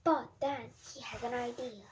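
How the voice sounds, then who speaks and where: Storybook narrator: woman, high voice, careful read-aloud with slight slips. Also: steady tone, moderate pace, breathy edge. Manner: careful reading with small slips. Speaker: storybook reader. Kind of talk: reading a children's storybook aloud.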